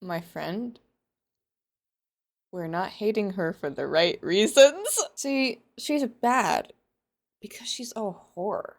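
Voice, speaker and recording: A woman's voice: medium pitch, animated, slow pace, pauses often. Woman doing a petulant young male alpha. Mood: mock ranting. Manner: mock-earnest ranting.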